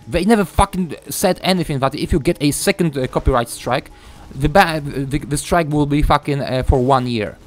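A young man giving a ranting gameplay commentary, frustrated and swearing, halting with many fillers. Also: a little high, faint music behind. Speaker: gaming YouTuber.

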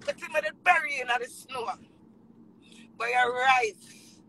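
High, piercing Jamaican woman ranting. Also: slow, gravelly, poor audio. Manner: ranting, swinging from low mutters to shouts; heavy patois swearing. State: tearful. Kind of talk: emotional live rant.

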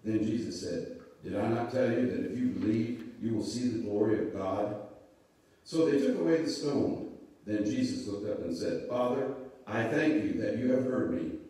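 A man leading a church service, reading scripture and then talking gently and folksily to children. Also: mid-range voice, normal speed. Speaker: pastor leading children's moment. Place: church sanctuary. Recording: echoey church room, mic far off.

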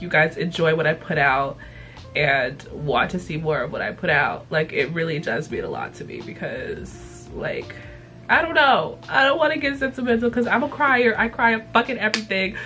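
A sick young woman with a congested voice, chatting bluntly to her viewers and cursing freely. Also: fairly low pitch. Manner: blunt, swears freely, animated. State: congested from illness. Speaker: YouTube vlogger. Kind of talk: casual chat to camera.

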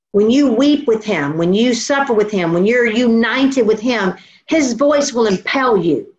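A woman preaching a sermon in an earnest, storytelling way, slowing down to stress her points. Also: on the high side. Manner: earnest, storytelling, slows for emphasis. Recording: dull lo-fi recording.

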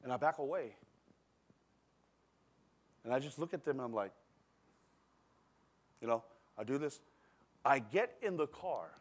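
A middle-aged man preaching a sermon in a church service, telling a personal story in a conversational, animated way and swinging between quiet and loud. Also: medium pitch, a little slow, long pauses. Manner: animated, conversational, acts out scenes with shifting loudness. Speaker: pastor.

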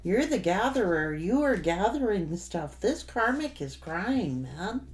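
A woman talks through a tarot reading for a general audience. She speaks slowly, at an ordinary pitch for a woman. She addresses the viewer directly and breaks into sudden exclamations. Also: sing-song. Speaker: tarot reader.

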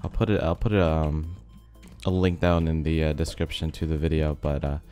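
Chill young guy rambling over gameplay, real low voice, kinda rough like he's sick, quiet music behind. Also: flat delivery, moderate pace. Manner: rambling, filler-heavy, laid-back. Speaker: gaming video host. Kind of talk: casual commentary over gameplay. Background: faint background music.

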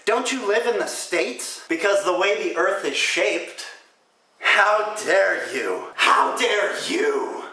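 Bright-voiced joking young man, echoey room. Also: high-pitched. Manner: joking, crude, quick comebacks. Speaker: vlogger answering viewer questions. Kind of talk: casual comedic Q&A.

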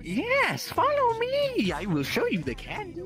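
A strange alien in a game, played in a put-on voice, speaking slowly and formally in a squeaky, very high pitch that leaps up and down. Music plays behind it. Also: huge pitch swings, exaggerated voice. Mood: eerie. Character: slow-talking alien handing out candy.

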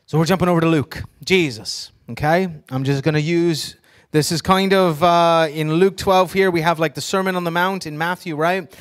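Guy preaching, kinda high voice, reads scripture with punch and keeps quizzing the room. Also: fairly even intonation, moderate pace, few pauses. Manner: teaching by asking the audience questions, reading scripture with emphasis; joking asides with laughs. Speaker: pastor. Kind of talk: sermon.

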